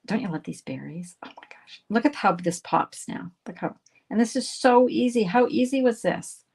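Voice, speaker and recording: Chatty woman with a gravelly voice. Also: medium pitch, lively intonation, moderate pace, a little mellow. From Canada. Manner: chatty, upbeat, greets viewers by name as she works. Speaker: craft instructor hosting a live stream. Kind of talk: live card-making demonstration.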